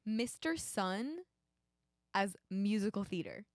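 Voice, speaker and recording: A young woman chatting playfully on a live stream, bubbly and giggly, quick to cheer her co-host on. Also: medium pitch, lively intonation, no echo, clean studio sound. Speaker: streamer and musician. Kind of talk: casual live-stream chat. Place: home streaming setup.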